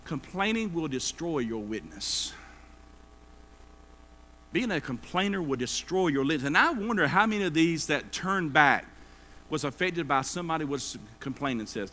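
Bright-voiced preacher man. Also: on the high side, lively intonation, normal speed, slight background noise. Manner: folksy, acts out complainers in everyday voices. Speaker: pastor. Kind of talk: sermon.

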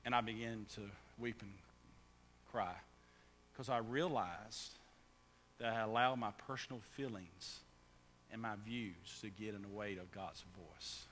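A man preaching a sermon as pastor, often stammering and restarting, then building to loud, fervent preaching. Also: fairly low pitch, unhurried. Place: church sanctuary. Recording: echoey hall with faint hum.

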